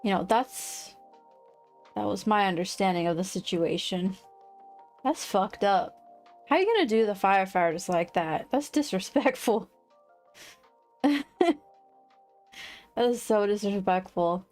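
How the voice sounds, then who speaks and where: A woman livestreaming casual chat, rambling and quick to laugh. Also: mid-range voice, animated, darkish tone, faint music behind. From United States.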